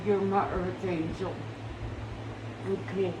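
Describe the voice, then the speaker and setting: A woman's voice: lowish voice, level tone, a little slow, long pauses, noisy background. A tearful woman in a rambling, emotional personal monologue, swearing now and then and breaking into laughter.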